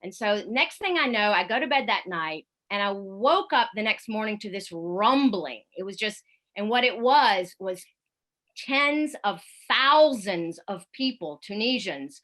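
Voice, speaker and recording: Woman, radio correspondent, bright storyteller on a video call, chatty with fillers. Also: medium pitch, a little slow. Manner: lively anecdotal storytelling with fillers. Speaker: radio correspondent giving a talk. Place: home in Paris, at night.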